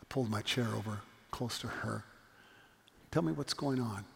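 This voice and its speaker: In a church sanctuary, a middle-aged pastor tells a story in his sermon, earnestly restating his point with emphasis. His mid-range voice is fairly bright with vocal fry, his pace is normal, and the hall lends a long reverb.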